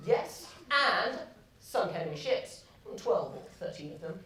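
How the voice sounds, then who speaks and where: A young woman acting the god Dionysus on stage, a vain, boastful male god who complains loudly. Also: fairly low pitch, expressive, unhurried. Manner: indignant, theatrical. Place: theatre stage. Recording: echoey hall, far from the mic.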